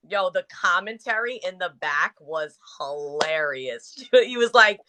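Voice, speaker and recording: A woman's voice: fairly low pitch, lively intonation, slow pace, bright, forceful tone. A woman co-hosting a relationship podcast, giving emphatic, opinionated takes in casual slang. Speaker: podcast co-host.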